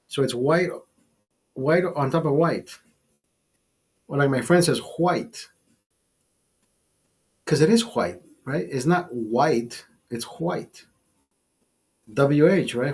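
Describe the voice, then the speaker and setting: A man's voice: a little high, darkish tone, breathy edge. A man hosting a live stream, chatting casually over a beer, rambling and swearing, laughing at his own jokes. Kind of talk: casual chat over beers.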